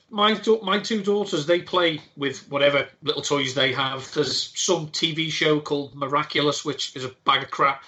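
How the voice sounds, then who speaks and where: A man's voice: high voice, pushed and bright, muffled recording. A man co-hosting a casual podcast, dry and blunt in his remarks. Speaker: podcast co-host.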